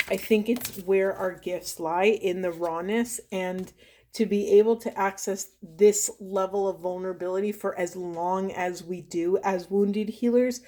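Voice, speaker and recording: A woman, a spiritual coach, doing an oracle card reading to camera in a soft, earnest, heartfelt way that turns tearful. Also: medium pitch.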